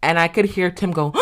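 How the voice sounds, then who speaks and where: Young woman, podcast host, low voice, casual candid storytelling, swears a lot. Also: a bit bright. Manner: candid, swears freely, lots of fillers.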